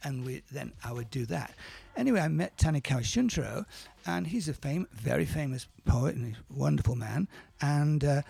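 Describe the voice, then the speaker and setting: Gravelly, husky man telling stories. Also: on the high side, expressive, darkish tone, no echo. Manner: halting, self-correcting, acts out quoted dialogue. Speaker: interview guest, musician and producer. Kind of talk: casual storytelling in conversation.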